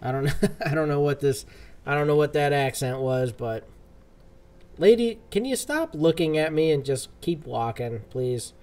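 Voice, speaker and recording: A man's voice: fairly high pitch, lively intonation, moderate pace, darkish tone. A young man casually commenting on a role-play game, joking and talking back to the characters. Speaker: gaming video host.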